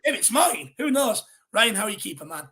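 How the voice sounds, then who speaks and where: A man's voice: high-pitched, big pitch swings, a little fast, heavy background noise. A man with an Irish accent hosting a football fan show, talking casually and energetically, calling people "my man" and "brother.".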